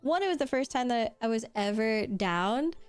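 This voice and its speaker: A woman's voice: on the high side, expressive, moderate pace, clean tone, dry recording. A young woman streaming while she draws, in a rambling casual chat full of "like" and laughs, swearing now and then. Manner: chatty, rambling with frequent "like" and laughs.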